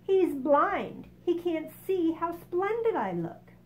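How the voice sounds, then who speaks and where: A woman's voice: extremely high pitch, big pitch swings, takes it slowly, voice pushed up, heavily acted. A woman voicing a proud, boastful male centipede in a storybook read-aloud. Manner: showy, bragging.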